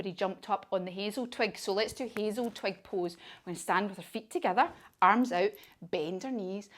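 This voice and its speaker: A woman leads children through yoga poses while telling a storybook tale. Her instructions are sing-song and encouraging, and her pitch sits in a middle range. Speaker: kids yoga teacher.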